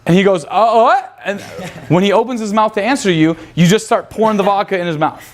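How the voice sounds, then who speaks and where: A seminar instructor leads a live session, brash and profane, firing rhetorical questions at his audience. His voice sits high and moves at a quick pace.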